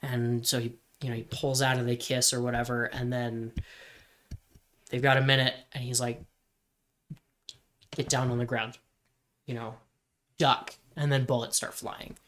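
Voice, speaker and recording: A man's voice: mid-range voice, little pitch movement, normal speed, a bit bright, slight background noise. A man in his twenties co-hosting a podcast, thinking aloud in a hesitant way. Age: 20s. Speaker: podcast co-host. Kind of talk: casual brainstorming chat.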